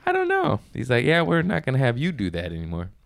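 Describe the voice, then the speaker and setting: A man's voice: medium pitch, huge pitch swings, quick pace, creaky, dry recording, studio quality. A man in his thirties, a stand-up comedian, chatting casually as a podcast guest, telling stories animatedly with swearing and acted-out quotes.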